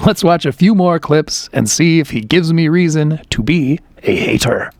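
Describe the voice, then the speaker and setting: A man's voice: a little high, animated, moderate pace, background noise. A man hosting a review video, giving casual commentary with wry, chatty, self-aware asides. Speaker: comedy special reviewer.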